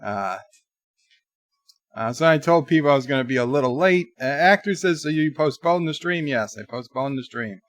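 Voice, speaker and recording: A man's voice: mid-range voice, animated, moderate pace, a bit bright. A man hosting a casual live stream, rambling between topics and reading viewer chat aloud.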